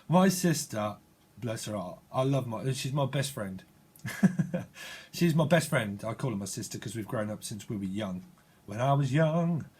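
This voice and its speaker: A man's voice: mid-range voice, slightly rough. A man giving a casual tarot reading, rambling and joking and laughing often. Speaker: tarot reader. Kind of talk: casual channeled reading to camera.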